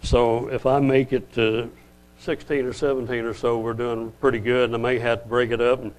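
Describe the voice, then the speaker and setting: An older man teaches from the Bible in a loose, conversational sermon. He circles back and corrects himself often, then slows right down to read verses aloud. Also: mid-range voice, level tone, poor audio. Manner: rambling, self-correcting, conversational. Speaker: lay preacher.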